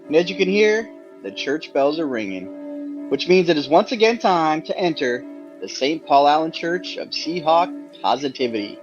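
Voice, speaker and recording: A man's voice: fairly high pitch, big pitch swings, moderate pace, dull audio, faint music behind. A man hosting a fan podcast, introducing segments in an upbeat announcer manner. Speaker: podcast host. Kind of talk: casual podcast banter.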